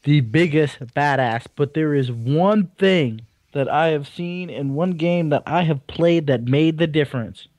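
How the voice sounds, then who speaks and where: A man's voice: a little high, darkish tone, dry recording. Jokey young man in gaming chat. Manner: jokey, enthusiastic, drawn-out emphasis. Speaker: podcast co-host.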